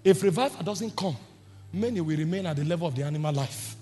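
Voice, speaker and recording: A man preaching a fervent sermon, often shouting and repeating phrases for emphasis. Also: a little high, expressive, quick pace. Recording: long hall reverb with faint music behind.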